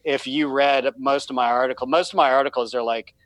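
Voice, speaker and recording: A man's voice: medium pitch, fairly even intonation, a little fast, fairly bright tone, dry recording, low-quality recording. A man talking on a podcast, telling a fatherhood story in a rambling, self-deprecating way with many restarts. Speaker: podcast guest, fatherhood writer. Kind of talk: casual podcast conversation.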